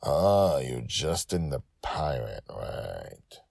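Guy playing a hungover groaning dad, deep voice, tired and moany, dry close sound. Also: sing-song, very slow, creaky, darkish tone, no room sound, exaggerated voice. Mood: weary. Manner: moaning, weary. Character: hungover, groaning, amused father.

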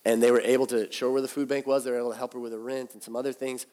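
A man's voice: medium pitch, little pitch movement, very fast, dark tone. A man preaching a sermon as pastor, talking conversationally and with animation. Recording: long hall reverb.

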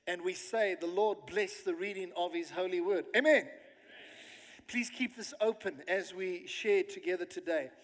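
A man's voice: high voice, normal speed. A man, a pastor preaching a sermon and reading scripture with emphasis. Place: church hall. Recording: long hall reverb.

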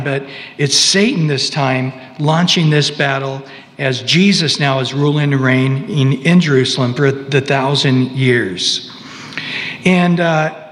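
A male preacher giving a conversational sermon, pausing, restarting and tossing asides to the congregation. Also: on the high side, fairly bright tone, big-room sound.

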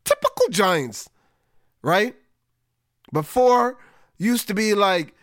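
Male sports-podcast host, high-pitched, dry recording, frustrated casual rant. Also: expressive, slow, pauses often, fairly bright tone, no echo. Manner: frustrated, conversational, drags out words for emphasis.

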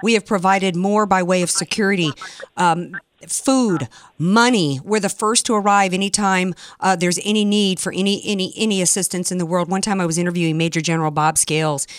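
A woman's voice: fairly low pitch, fairly quick, no room sound. Emphatic woman talk radio host. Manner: animated, emphatic, sarcastic asides. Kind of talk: talk radio monologue and call-in chat. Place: radio studio.

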